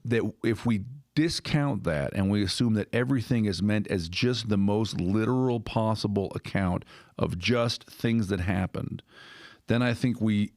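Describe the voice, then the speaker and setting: A man's voice: fairly low pitch, unhurried, a little mellow, no room sound, studio quality. A man hosting a podcast conversation, thinking aloud with restarts and checking in with "right?". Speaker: podcast host. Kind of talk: casual conversational discussion.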